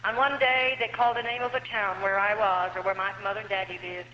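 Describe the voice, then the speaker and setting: A woman's voice: mid-range voice, fairly even intonation, a little fast, a little hiss or hum. A woman giving a heartfelt personal testimony to an audience, telling her story earnestly with hesitations along the way. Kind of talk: emotional spoken testimony to an audience. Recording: echoey hall, dull lo-fi archive recording.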